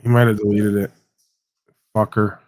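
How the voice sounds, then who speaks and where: A man's voice: on the low side, flat delivery, normal speed, darkish tone. A man hosting a livestream, ranting casually with blunt, sweary sarcasm. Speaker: livestream host.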